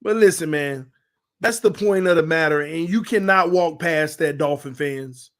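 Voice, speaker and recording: A man hosting a fan sports channel, talking in loose, animated commentary that swings between shouting and laughing. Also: a little high, normal speed. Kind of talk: casual fan commentary livestream.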